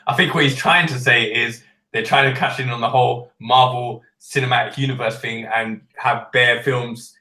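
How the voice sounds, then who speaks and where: A man's voice: mid-range voice, steady tone, moderate pace, pushed and bright, echoey room, recorded from a distance, low-quality recording. A man co-hosting a geek podcast, ranting sarcastically in casual chat. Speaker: podcast co-host.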